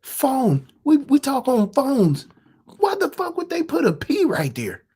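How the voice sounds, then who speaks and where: A woman's voice: sits high, huge pitch swings, a little slow, dark tone. A woman hosting a live stream, talking casually and firing off profane rhetorical questions.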